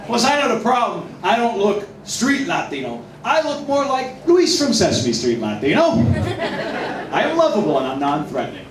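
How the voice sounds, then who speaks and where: A man doing a stand-up comedy set in a restaurant, with self-deprecating, animated delivery. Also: sits high, moderate pace, crowd noise. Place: restaurant, indoors. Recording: echoey room, distant mic, noisy.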